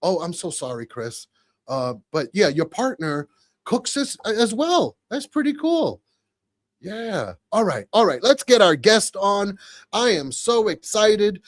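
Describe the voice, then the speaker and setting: Effusive New York podcast host. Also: male voice, high voice, very animated, takes it slowly. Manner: effusive, exclamatory, chatty. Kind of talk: live podcast chat. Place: studio.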